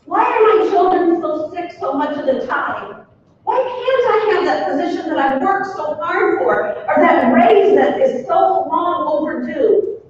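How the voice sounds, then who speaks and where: A gentle, humble elderly Elizabeth, as a woman preacher puts her on, tells her story in a high, heartfelt voice. The sound is distant and echoes through a large church hall, with a dull, muffled tone. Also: expressive, background noise. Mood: earnest. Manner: heartfelt storytelling with soft pauses. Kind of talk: first-person dramatic monologue in a sermon.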